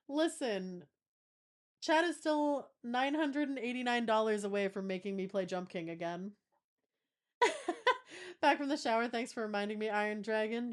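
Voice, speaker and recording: A young woman livestreamer chatting casually and playfully with her audience, reading their messages aloud with giggly asides. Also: a little high. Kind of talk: casual chat with a live stream audience.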